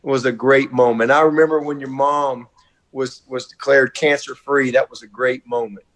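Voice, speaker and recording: A man's voice: medium pitch, fairly even intonation, moderate pace. Middle-aged man, college coach type, folksy and effusive, video-call audio. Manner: warm, effusive, repetitive, folksy. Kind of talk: heartfelt video-call tribute.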